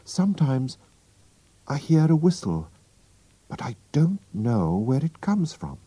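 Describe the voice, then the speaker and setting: Guy doing a scared young woman's voice, pitched way up, pleading, storybook reading. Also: very animated, slow pace, dark tone, breathy edge, dry recording, exaggerated voice, poor audio. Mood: uneasy. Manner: high, pleading and terrified. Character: frightened young woman, dying sister.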